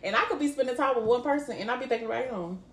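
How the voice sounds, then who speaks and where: A woman's voice: on the high side, racing, reverberant, a little hiss or hum. A woman co-hosting a podcast, talking candidly and emotionally in casual slang. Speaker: podcast co-host. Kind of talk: casual chat.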